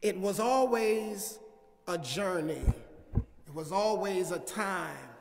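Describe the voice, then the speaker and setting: Pastor, male, high voice, slow deliberate sermon delivery, long church reverb. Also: creaky. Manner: prayerful and measured, then rising preaching cadence. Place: church sanctuary.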